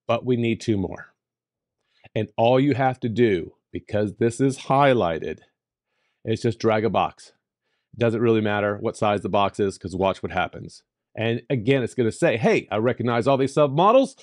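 A man hosting a software tutorial, talking emphatically and playfully, with sudden jumps in pitch for emphasis. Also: unhurried, no echo, clean studio sound. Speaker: tutorial host. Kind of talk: screen-recorded software tutorial.

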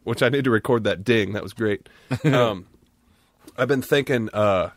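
A man co-hosting a casual podcast, joking around and halting with fillers. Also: on the low side, dry recording, studio quality. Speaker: podcast co-host. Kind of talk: casual chat.

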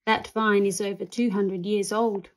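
A woman voicing a kindly, courteous older male shopkeeper in a children's storybook reading, speaking gently and a little fretfully. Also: medium pitch, flat delivery, measured pace, natural voice.

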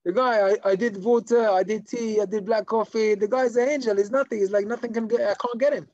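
A man's voice: a little high, quick pace, creaky, no echo, lo-fi sound. A man voicing a synagogue attendant who is baffled that he cannot provoke someone. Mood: exasperated. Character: flustered male synagogue attendant.

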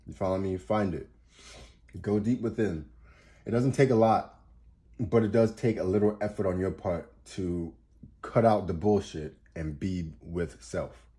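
Man, warm mellow tone, casual astrology monologue, repeats himself, swears to make a point, laughs when worked up. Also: low-pitched, unhurried. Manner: emphatic, repeats and restarts words, swears for emphasis; laughs while getting worked up. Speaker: astrologer giving advice.

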